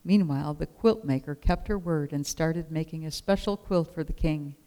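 A storyteller reading a children's picture book aloud in a gentle, expressive way. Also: mid-range voice, normal speed, rough recording.

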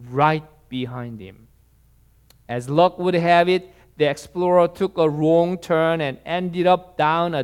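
A male preacher delivering a sermon at an unhurried, measured pace. His voice is smooth and clear, sitting a little high for a man, and he tells stories in a deliberate way. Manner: slow, deliberate storytelling delivery.

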